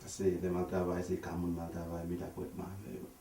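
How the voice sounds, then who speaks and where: Soft-spoken comedian. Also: male voice, deep voice, completely flat delivery, quick pace, a little hiss or hum. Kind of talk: stand-up storytelling, switching languages. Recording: echoey room, voice from far off.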